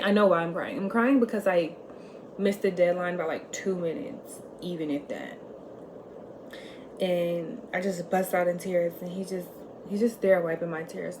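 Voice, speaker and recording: A young woman vlogger telling a candid personal story in casual chat, full of "like" fillers and swinging between loud and soft. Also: on the low side, fairly even intonation, a little slow, background noise. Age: young adult.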